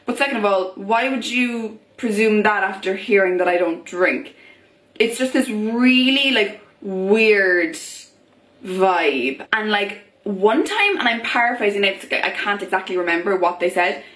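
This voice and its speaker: A woman's voice: medium pitch, expressive, measured pace, fairly bright tone. A young woman vlogging in a chatty way, full of fillers, acting out the voices of people she quotes. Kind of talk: casual talk to camera. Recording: echoey room.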